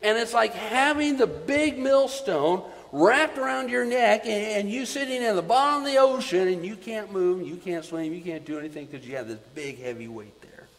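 Man pastor preaching a sermon, higher voice, long echo like a big hall. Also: animated, moderate pace, few pauses. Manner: preaching with dramatic swings in volume, repeating words.

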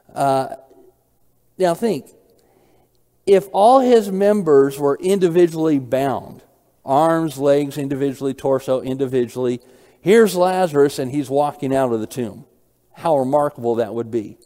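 Mellow-voiced man preaching in a reverberant hall. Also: on the high side. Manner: explains scripture with rhetorical questions. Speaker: pastor. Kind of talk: expository sermon.

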